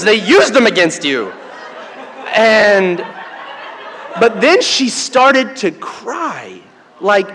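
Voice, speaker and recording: A man telling a true story live on stage, animated and laughing along with the audience. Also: high voice, slight background noise. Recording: long hall reverb with faint crowd ambience.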